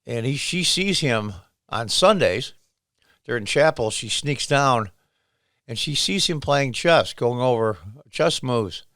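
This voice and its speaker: A man's voice: medium pitch, lively intonation, slow pace, a bit bright, dry recording, studio quality. A man hosting his own channel, casually retelling a series scene by scene with quoted lines. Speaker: show host.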